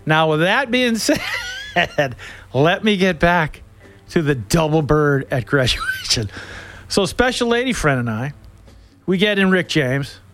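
A middle-aged man hosting a show, telling a comic story in an animated way and laughing through it. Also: on the high side.

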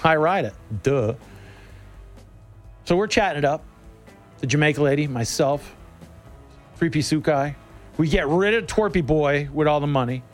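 A middle-aged male host spinning a casual yarn on air, his pitch swooping up and down as he talks. He has a folksy, chatty manner, and faint music plays behind him. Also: normal speed, pauses often. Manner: animated, folksy, laughs between lines. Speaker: radio host. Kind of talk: casual storytelling monologue.

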